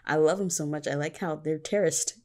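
A woman's voice: low-pitched, a little fast, darkish tone. A woman hosting a casual solo podcast, talking candidly about her own writing, swearing freely and often laughing. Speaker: podcast host and fan fiction writer.

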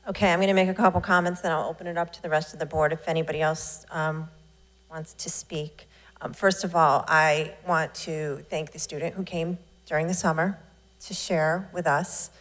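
A woman chairing a school board meeting, responding to public comments in a measured, reassuring way. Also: low voice, steady tone, a bit bright.

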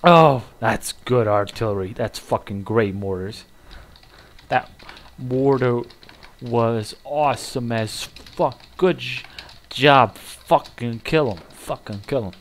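A man talks through a war game as he plays, slow and unhurried between bursts of swearing and excited shouts. His voice sits at an ordinary pitch, with a faint hiss of background noise behind it. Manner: profane, muttering, excitable outbursts. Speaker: gamer. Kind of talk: live gameplay commentary.

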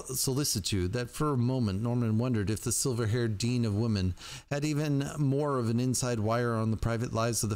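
A man's voice: medium pitch, darkish tone. A man reading a book aloud to his stream audience in a casual, chatty way.

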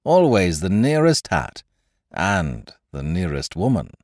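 A man's voice: low-pitched, huge pitch swings, takes it slowly, darkish tone, no room sound, studio quality, full character voice. A man voicing a mocking aristocratic colonel who talks airily and carelessly, with cruel good humor. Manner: airy, careless, laughing.

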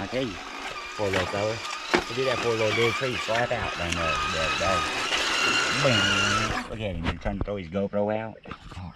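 A man giving chatty, folksy commentary outdoors at a creek while driving a toy truck. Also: on the low side. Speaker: RC hobby vlogger. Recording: loud outdoor creek noise.

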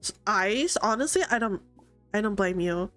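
A woman's voice: medium pitch, lively intonation, moderate pace, a bit bright. A young woman live-streaming a life-sim game, chatting casually, reading chat aloud, gasping and laughing often. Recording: game music faint behind.

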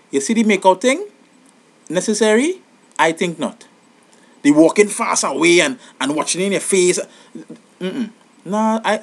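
Animated high-voiced man. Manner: animated, exasperated, rising to high outbursts. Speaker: vlogger. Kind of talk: comic advice monologue.

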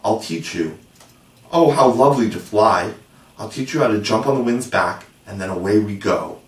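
A man's voice: lowish voice, normal speed, close to an everyday voice. A man voicing a carefree, cocky boy who talks in a coaxing, matter-of-fact way, recorded from a distance in a roomy space.

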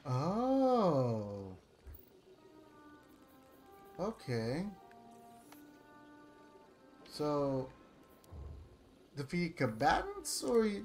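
Slow, swearing, frustrated young gamer. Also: medium pitch, darkish tone. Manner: angry profane ranting, swears constantly; frustrated, sighs and laughs. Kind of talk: gameplay commentary. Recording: faint game music behind.

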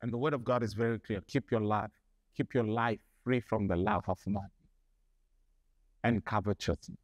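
A male pastor preaching a sermon, building up to loud repeated declarations. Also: on the low side, fairly even intonation, moderate pace, no echo.

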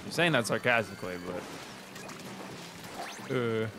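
A man's voice: on the low side, expressive, unhurried, music in the background. A young man chatting while gaming, teasing his friend and giving tips. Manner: teasing, coaching, exclaims loudly. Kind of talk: casual gaming chat.

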